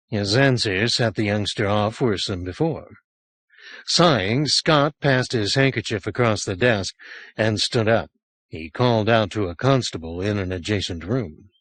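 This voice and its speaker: A man reading a horror short story aloud as an audiobook narrator, measured and expressive. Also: fairly low pitch, dry recording. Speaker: audiobook reader.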